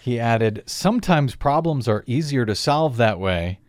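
A man's voice: medium pitch, animated, measured pace, a little mellow, slight background noise. A man hosting a talk radio show, reading out lawsuit details with wry asides and frequent fillers. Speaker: radio host. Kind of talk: talk radio news commentary.

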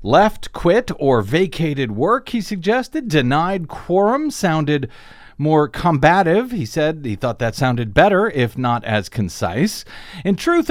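Male radio host, lively emphatic commentary, dry close studio mic. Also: mid-range voice, dry recording. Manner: animated, emphatic delivery.

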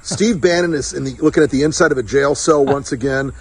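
A man with a husky voice delivering a defiant, profane video message full of taunting, punchy repetition. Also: medium pitch, quick pace, poor audio. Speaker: political strategist in a played clip.

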